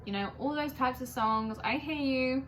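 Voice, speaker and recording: A woman's voice: high-pitched, normal speed, rough recording. Gushing, chatty young woman vlogger. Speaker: music vlogger. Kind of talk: casual chat reviewing an album.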